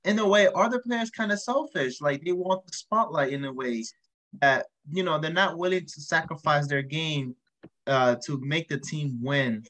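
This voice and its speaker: A man's voice: on the high side, moderate pace, fairly bright tone, low-quality recording. A man hosting a casual podcast chat, asking questions and steering the talk to others. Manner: questioning, leads the discussion. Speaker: podcast host.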